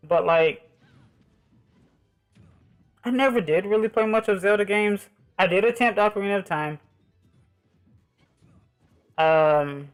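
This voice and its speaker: A man with a somewhat high voice chats loosely with his viewers while he plays, drifting from one thought to the next. His talk is relaxed and meandering, with faint music underneath. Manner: rambling and easygoing, talking to viewers. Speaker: streamer. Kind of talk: casual live-stream chat while gaming.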